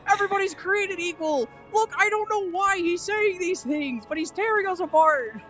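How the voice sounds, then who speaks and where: A streamer voicing a flustered male superhero who keeps defensively denying things in a high, squeaky voice. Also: moderate pace, a bit bright, highs cut off, soft background music.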